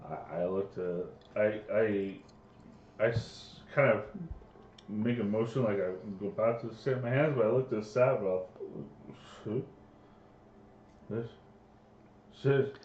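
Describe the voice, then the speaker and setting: A man playing a tabletop game casually, halting and searching for words as he speaks. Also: on the low side, a little mellow, a little hiss or hum. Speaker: player. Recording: echoey lo-fi room recording.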